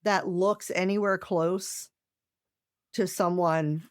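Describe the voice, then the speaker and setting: A woman's voice: fairly low pitch, steady tone, takes it slowly, clear, resonant tone, dry recording. A woman co-hosting a podcast, chatting casually and reacting with incredulous questions. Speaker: podcast co-host.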